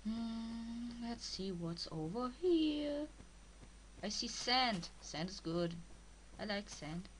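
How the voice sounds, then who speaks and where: A woman with a strong German accent, a native German speaker, giving halting, casual commentary as she plays a game and talks to herself. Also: on the high side, lively intonation, a little hiss or hum, poor audio. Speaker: let's player.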